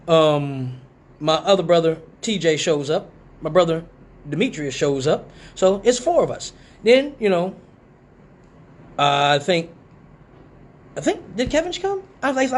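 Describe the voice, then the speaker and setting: On a live stream, a Detroit man casually tells a story full of profanity. He gets animated and puts on a higher voice to act out the quotes.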